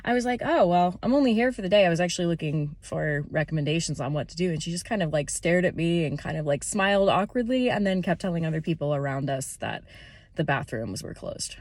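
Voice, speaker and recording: A woman's voice: fairly low pitch, lively intonation, a little fast, darkish tone, no room sound. A woman chatting through a casual travel vlog in an enthusiastic, chatty way. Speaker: travel vlogger.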